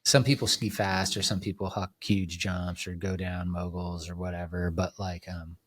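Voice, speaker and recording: A man's voice: low-pitched, little pitch movement, normal speed, fairly bright tone, husky. A middle-aged man chatting as a podcast guest in a laid-back, rambling way, full of "like" and "um". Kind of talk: casual chat.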